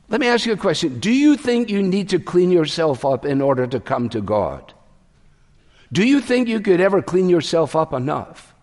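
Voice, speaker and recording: A man's voice: mid-range voice, a little mellow, in a large hall. A man preaching a sermon in a church, earnest, asking his listeners questions and changing his voice for emphasis. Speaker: pastor.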